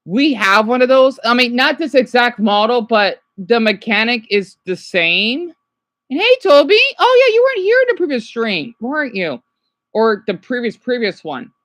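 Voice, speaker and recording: A woman's voice: fairly high pitch, very animated, moderate pace, fairly bright tone, no room sound. A woman streaming casually, rambling and chatting to viewers by name as she reacts to a video. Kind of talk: casual live-stream chat.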